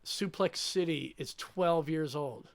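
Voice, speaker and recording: A man in his forties co-hosting a podcast, chatting casually and excitably, quick to exclaim and swear. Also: on the high side, vocal fry. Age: 40s. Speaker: podcast co-host. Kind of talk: casual chat.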